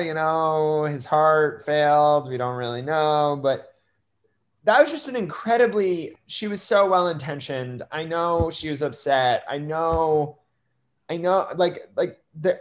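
A young man talking earnestly in an interview, with halting restarts and many fillers, at times choked up. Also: fairly high pitch. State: choked up with emotion. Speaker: guest. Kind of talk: conversational interview.

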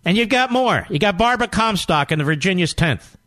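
A man's voice: sits high, expressive, brisk, bright, forceful tone, no echo. A man hosting a political talk radio show, delivering a combative monologue full of emphatic rhetorical questions. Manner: emphatic, rallying.

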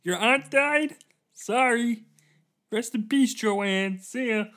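A man voicing a cheerful, oblivious guy chatting past a funeral with his groceries, in a much higher, louder voice. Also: slow, full character voice. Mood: chirpy. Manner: chirpy, oblivious small talk.

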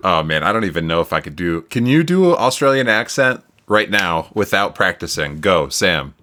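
A man with a low-set voice that still swings around a lot in pitch, chatting easily as a podcast co-host. He is laid-back and quick to laugh. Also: very animated, pushed and bright. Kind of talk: casual sports chat.

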